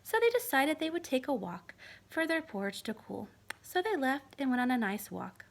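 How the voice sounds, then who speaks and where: A woman telling a children's fairy tale aloud with an animated delivery, sometimes dropping to a whisper. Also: high voice, normal speed, creaky. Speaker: storyteller. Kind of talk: reading a children's story aloud.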